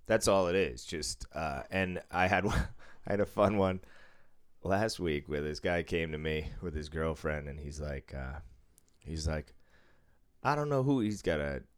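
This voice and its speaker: A man's voice: rumbling low, animated, measured pace, smooth. A man in casual chat about his job on a casino floor, rambling, swearing freely and acting out what people said to him.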